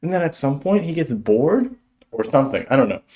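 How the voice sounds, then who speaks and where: A young man telling a stand-up story in an animated way, chuckling as he goes. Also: a little high, brisk. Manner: animated, chuckles through his own story. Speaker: stand-up comedian.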